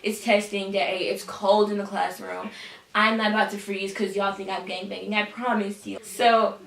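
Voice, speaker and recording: A woman's voice: mid-range voice, flat delivery, moderate pace, vocal fry, fairly bright tone, far from the mic. Sassy teen girl telling a story. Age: teens. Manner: sassy, dramatic, says "honey". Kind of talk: casual storytime vlog. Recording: echoey room, voice a bit off-mic.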